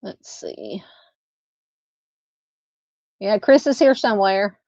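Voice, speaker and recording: A woman's voice: mid-range voice, wildly swooping pitch, slow pace, warm tone, no echo, dull audio. A woman with a Southern US accent hosting a casual true crime live stream, rambling and chatty as she talks with viewers. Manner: rambling, chatty, lots of "you know" fillers.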